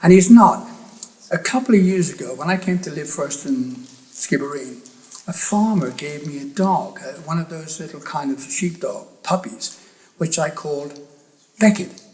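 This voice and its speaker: A man's voice: a little high, expressive, moderate pace, a little mellow, poor audio. Older Irish man telling rambling stories. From Ireland. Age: 70s. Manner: rambling, enthusiastic storytelling with restarts and asides. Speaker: photographer giving a talk. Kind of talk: anecdotal public talk. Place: lecture room at a festival.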